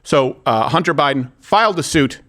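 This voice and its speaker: Sarcastic lively male show host. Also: a little high, normal speed. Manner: sarcastic, bursts into laughter and mock voices. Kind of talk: comedic political commentary.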